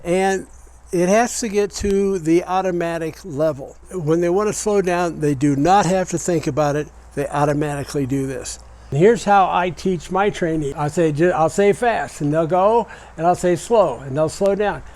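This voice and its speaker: An older man, a mechanic, gives a hands-on demonstration of motorcycle repair, patiently walking a learner through each step. His voice is fairly high and a little mellow at a moderate pace, and the recording quality is low.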